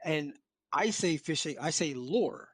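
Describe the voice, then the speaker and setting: Lively, jokey man host. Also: a little high, measured pace, dry recording. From Philadelphia. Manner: playful, jokey, animated. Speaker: podcast co-host. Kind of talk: casual podcast banter.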